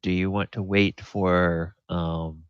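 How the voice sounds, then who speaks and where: A man running a tabletop game as game master, unhurried and thinking aloud with many fillers. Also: low-pitched, flat delivery, clear, resonant tone, dry recording. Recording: dull lo-fi audio.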